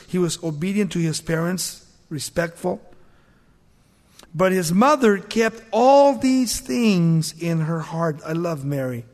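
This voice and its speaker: A male pastor preaching a sermon, reading scripture aloud with rising force and dropping to quiet, conversational asides. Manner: reads scripture louder and higher, drops soft for asides. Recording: long hall reverb.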